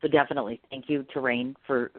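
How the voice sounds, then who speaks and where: Woman podcast host, gushing, rapid delivery, tinny phone-quality audio. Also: a bass voice, steady tone, no echo. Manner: effusive, gushing. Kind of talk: interview podcast. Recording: phone-like line, dry.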